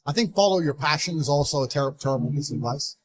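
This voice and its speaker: A man giving an interview, talking in a blunt, forceful, emphatic way. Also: on the high side, fast talker, slightly rough. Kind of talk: motivational interview talk.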